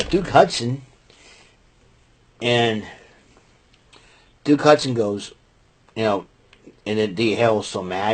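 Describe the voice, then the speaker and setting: A man's voice: lowish voice, slightly rough. A man casually recapping a wrestling show, rambling with many fillers and restarts. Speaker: podcast host recapping wrestling.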